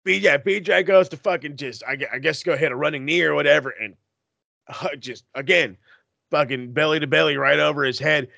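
A man co-hosting a wrestling podcast in casual chat, animated and profane, acting out quotes with big jumps in pitch. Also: fairly quick, creaky, no echo, highs cut off.

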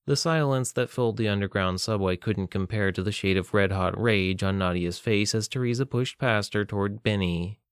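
A man narrating an audiobook in a steady, plain storytelling manner. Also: lowish voice, normal speed, hardly any pauses, clear, resonant tone, no echo, clean studio sound. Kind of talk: scripted narration.

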